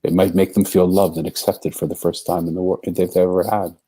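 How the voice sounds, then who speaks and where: A man's voice: low voice, flat delivery, a little fast, dark tone, breathy edge. A man as a podcast guest, telling a long story in an earnest way and acting out the voices of the people in it. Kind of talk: storytelling in a conversation.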